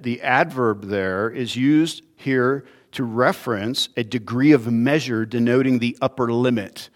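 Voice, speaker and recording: A man who is a pastor, preaching a sermon in a conversational way and acting out small everyday dialogues. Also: medium pitch. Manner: conversational, acts out little dialogues.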